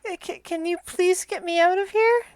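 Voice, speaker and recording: A woman voicing a small, timid flying monkey in a cage, speaking in a halting, frightened, pleading way. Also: extremely high pitch, darkish tone, no room sound, voice pushed up.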